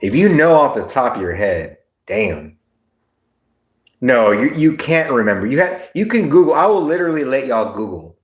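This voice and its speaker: A man's voice: mid-range voice, moderate pace. Rambling man streaming in an echoey room. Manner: rambling, excitable, swears freely. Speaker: livestream host. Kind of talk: casual livestream chat.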